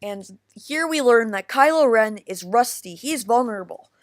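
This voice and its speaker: A woman giving a casual film review, rambling and excitable, with frequent restarts, calling her viewers "guys". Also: fairly high pitch. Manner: rambling, halting with many restarts.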